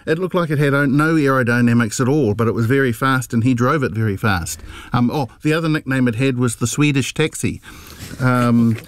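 A man talks as a panelist on live radio, reminiscing at an easy pace with small restarts. His voice is mid-pitch and sounds dry and close. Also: a little fast, no room sound.

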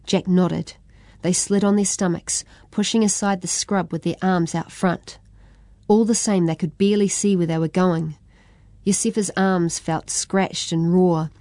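Brief: New female storyteller, steady expressive narration, mellow tone. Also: fairly low pitch, a little slow, dry recording. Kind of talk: children's story reading.

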